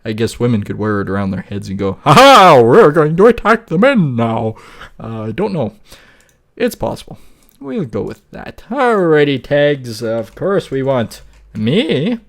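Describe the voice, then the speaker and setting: A man's voice: fairly low pitch, darkish tone. A man talking casually through a screen-recorded tutorial, rambling, laughing often and swearing now and then. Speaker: YouTuber.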